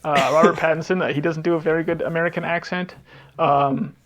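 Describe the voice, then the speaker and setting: A man's voice: on the high side, steady tone, a little fast, a bit bright, highs cut off. A man co-hosting a podcast in casual chat, rambling and trailing off as he hunts for what he wants to say. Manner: rambling, trails off hunting for titles. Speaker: podcast co-host.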